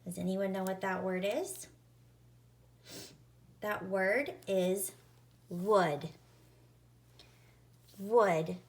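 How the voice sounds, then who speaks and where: Slow careful lady teacher spelling words out for little kids, sounds every letter. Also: medium pitch, steady tone. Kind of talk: phonics lesson for young children.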